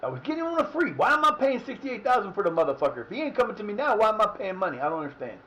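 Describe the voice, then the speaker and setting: A man's voice: high-pitched, big pitch swings, rapid-fire, sharp tone, low-quality recording. A man streaming a soccer management game, cursing and exasperated as he talks to himself. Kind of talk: live game commentary.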